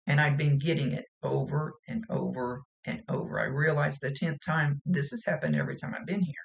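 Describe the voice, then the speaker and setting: Gravelly-voiced woman giving a folksy reading. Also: sits low, moderate pace. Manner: chatty, folksy and rambling. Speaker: psychic medium. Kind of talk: casual spoken mediumship reading.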